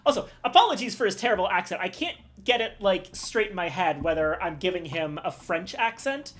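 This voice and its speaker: A woman streaming a game, reading its text aloud in a steady, measured way. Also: fairly low pitch.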